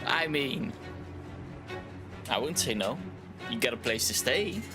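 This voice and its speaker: A man's voice: mid-range voice, animated, takes it slowly, over music. A male streamer chatting casually while playing a game, rambling and a little tipsy. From Canada.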